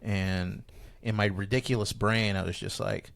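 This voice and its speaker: A man, a comedian, talking casually on a podcast, rambling and animated, with many restarts. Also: on the low side, normal speed, gravelly. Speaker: comedian guest.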